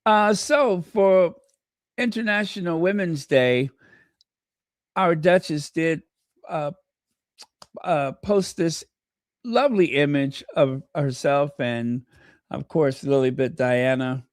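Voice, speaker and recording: A man's voice: on the high side, slow, long pauses, dry recording, clean studio sound. A man hosting a casual livestream, trading snarky gossip, thanking viewers and breaking into bits of song. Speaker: livestream host.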